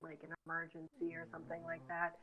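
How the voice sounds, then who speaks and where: A woman's voice: low-pitched, completely flat delivery, fast. A woman co-hosting a casual podcast, talking in a rambling, opinionated way with lots of fillers. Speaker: podcast co-host. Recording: tinny phone-like line.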